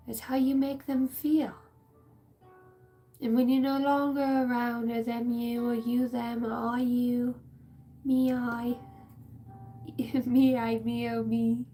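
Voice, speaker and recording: Woman channeler, slightly high, gravelly voice, loose emotional rambling with swearing, faint music behind. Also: mellow. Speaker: spiritual channeler. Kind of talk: casual channeled reading.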